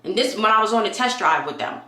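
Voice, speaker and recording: A woman chats through a casual vlog, animated and quick to act out what people said. Her voice is bright and forceful. The room around her is echoey. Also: medium pitch. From New York. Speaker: vlogger.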